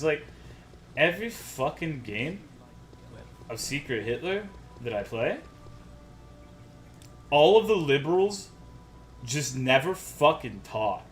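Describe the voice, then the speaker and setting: Bright-voiced, swearing male streamer. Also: mid-range voice. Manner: profane, worked-up, swears constantly. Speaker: game streamer. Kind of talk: casual live-stream ranting to chat.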